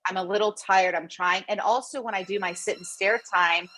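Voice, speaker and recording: Earnest, animated woman on a call. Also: mid-range voice, fairly quick. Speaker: guest author and coach. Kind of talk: conversational interview. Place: New York City.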